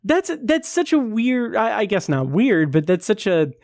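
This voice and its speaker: Male podcast host, loose rambling film chat, higher pitch, dry close sound. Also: big pitch swings, unhurried, darkish tone, no room sound. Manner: rambling, laughs often, many fillers. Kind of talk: casual film review chat.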